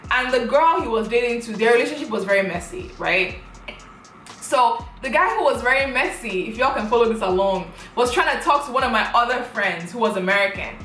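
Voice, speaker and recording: A woman's voice: fairly high pitch, sharp tone, reverberant, low-quality recording. A young woman, animatedly retelling a personal story on her vlog, full of rhetorical questions. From Africa. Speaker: vlogger.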